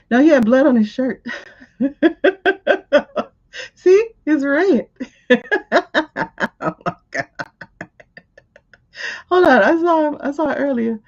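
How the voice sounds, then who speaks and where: A woman hosting a live stream, reacting out loud in a casual, exasperated way, with her pitch rising and falling a lot. Her voice sits a bit high. The stream audio is dull and lo-fi. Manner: animated, exasperated, talks back to the footage. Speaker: host of a live tarot stream.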